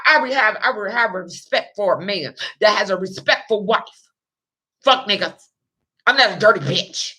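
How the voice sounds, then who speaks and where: A woman's voice: fairly high pitch, sharp tone. A young adult woman telling a personal story in a rambling, emotional, profane way. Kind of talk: casual monologue.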